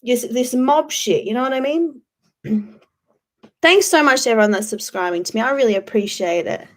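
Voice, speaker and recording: A woman's voice: on the high side, lively intonation, moderate pace. A woman hosting a casual livestream, rambling, swearing freely and answering chat. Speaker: YouTube livestream host.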